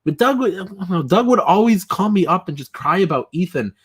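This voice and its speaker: Animated male livestream host. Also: sits high, fairly quick, breathy edge. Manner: animated, laughs often, mimics callers. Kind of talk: casual livestream chat, reading chat comments.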